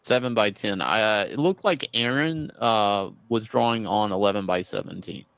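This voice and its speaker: A man's voice: fairly low pitch, normal speed, creaky, fairly bright tone, clean tone, no echo. A man in casual group banter, teasing and quizzing a friend.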